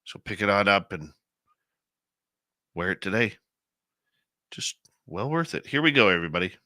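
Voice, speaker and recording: Forceful chatty male radio host. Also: lowish voice, sing-song, normal speed, no echo, clean studio sound. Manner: chatty, greets listeners and reads chat comments aloud. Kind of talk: casual live radio chat. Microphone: headset microphone.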